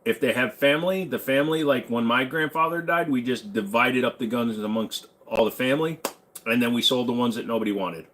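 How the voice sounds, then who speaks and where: A man hosting a casual livestream, reading viewer questions aloud and answering them in a relaxed, rambling, joking way. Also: mid-range voice, fairly quick, slight background noise. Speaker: livestream host answering chat.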